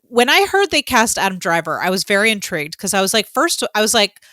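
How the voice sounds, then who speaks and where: A woman co-hosting a podcast, her bright, forward voice spilling over with fan excitement. She talks casually and fills her sentences with "um" and restarts. The sound is dry and close, with no room around her. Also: mid-range voice, quick pace, no echo. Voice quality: excitable, gushing fan with many fillers. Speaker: podcast co-host. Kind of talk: casual chat.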